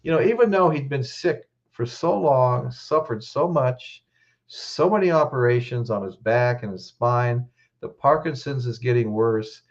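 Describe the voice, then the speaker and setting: Man, live stream host, choked up, mid-pitched voice, dull lo-fi sound. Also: unhurried. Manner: greets chat viewers by name, frequent restarts. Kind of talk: casual live stream chat.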